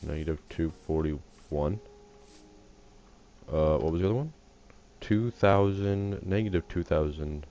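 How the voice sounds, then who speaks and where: An American gaming host, tired and just out of bed, speaks with an extremely low, mellow voice at a measured pace, leaving long pauses. His casual commentary rambles and jokes, easily distracted, in a dull lo-fi recording with faint hiss.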